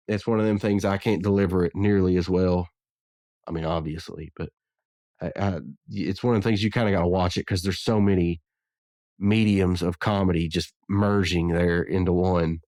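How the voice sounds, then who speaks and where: A man chats casually as a podcast host, wandering through his thoughts with frequent restarts. His voice sits on the low side. The recording is dry and close, with no room echo. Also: darkish tone. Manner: rambling, many restarts and fillers. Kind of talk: casual chat.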